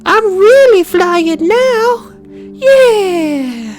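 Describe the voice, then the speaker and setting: A man voicing an excited little boy sugar glider in a squealing falsetto. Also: drawn-out words, music in the background, heavily acted. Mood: gleeful.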